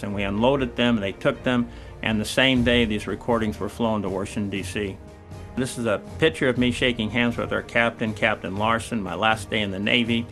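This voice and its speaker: An older man, a former Navy diver, telling his personal testimony in an earnest, halting way. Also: lowish voice, fairly bright tone. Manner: earnest, halting storytelling with restarts. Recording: echoey hall, speaker far from mic.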